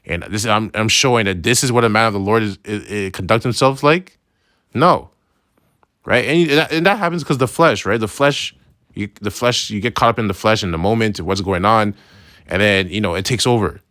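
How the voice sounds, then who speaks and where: This religious teacher has a lowish voice and speaks a little fast through a relaxed Bible lesson, reading verses and then unpacking them in loose, slangy language full of restarts. "Right?" comes up again and again. The recording is dry and close, without any room sound.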